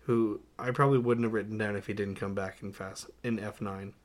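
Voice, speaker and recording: A young man co-hosting a casual movie podcast, going through his notes with lots of "uh"s, laughing often and getting animated. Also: fairly low pitch, a little fast. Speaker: podcast co-host. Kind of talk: casual movie-review chat.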